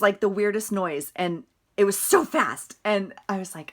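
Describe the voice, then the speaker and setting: A middle-aged woman vlogger talks through her journal in a casual, chatty way, rambling about her week and laughing often. Her voice sits at a medium pitch and moves a little fast.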